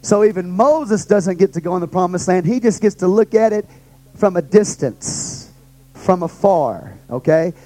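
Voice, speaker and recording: A male pastor with a notably high voice teaching a Bible study. He presses each point through repetition and rhetorical questions to his listeners. He sounds middle-aged. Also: animated, normal speed, dark tone, dry recording, poor audio.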